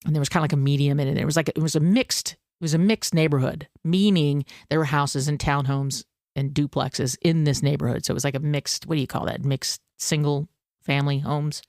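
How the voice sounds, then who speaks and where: A woman hosting a podcast, telling a personal story in a casual, animated, self-deprecating way and acting out her own panic. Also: sits low, fairly quick, no echo, studio quality. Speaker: podcast host.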